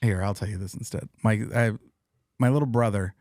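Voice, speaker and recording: A man's voice: on the low side, fairly quick, darkish tone, no echo, studio quality. A man hosting a podcast in loose casual chat, swearing and laughing often. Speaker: podcast host and comedian.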